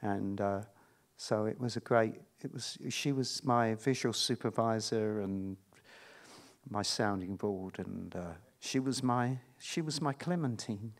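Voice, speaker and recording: A middle-aged man, an actor, chatting candidly at a screening Q&A, with a stop-start manner full of restarts. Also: lowish voice. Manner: halting, stop-start, self-interrupting. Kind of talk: candid anecdotal chat.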